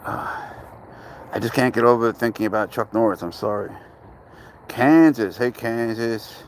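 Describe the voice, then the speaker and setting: A man's voice: steady tone, normal speed, creaky, a little hiss or hum. A man from Canada hosting a pet livestream, chatting casually and in slang with viewers and greeting them by where they tune in from. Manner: slangy, shouts out viewers' locations; rises into high playful baby talk with his pet. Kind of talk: casual live chat with viewers.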